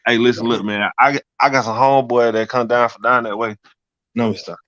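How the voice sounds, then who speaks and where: Guy from north carolina cracking jokes, dry close mic, normal pitch. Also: steady tone, fairly quick, fairly bright tone, no room sound, highs cut off. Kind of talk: casual chat.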